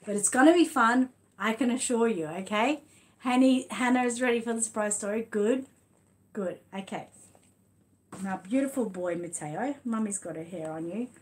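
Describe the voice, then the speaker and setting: An Australian woman talks casually to her audience and a child in a dim room at home. She reads a funny storybook with animated rhythm and hee-haw noises. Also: a little high, normal speed. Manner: chatty, talks to viewers and child; animated storytelling, braying sound effects. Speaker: channel host reading a story aloud. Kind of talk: casual chat and storybook read-aloud. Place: home room with lights dimmed.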